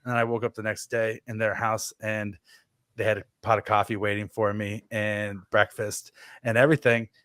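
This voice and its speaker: A man's voice: lowish voice, flat delivery, normal speed, a bit bright, clear, resonant tone, no echo, studio quality. A man in his thirties on a podcast, telling stories in a rambling, self-deprecating way. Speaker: podcast co-host. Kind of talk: casual podcast chat.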